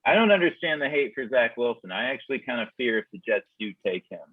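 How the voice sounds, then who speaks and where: A man on a podcast, talking football in a measured, analytical way. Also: mid-range voice, lively intonation, no echo. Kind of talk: casual sports chat. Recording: tinny phone-like call line.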